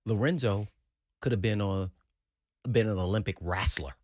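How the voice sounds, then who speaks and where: A man co-hosting sports talk radio, telling an animated story and acting out the quotes. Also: on the low side, moderate pace, no echo, studio quality. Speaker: sports radio co-host, former player.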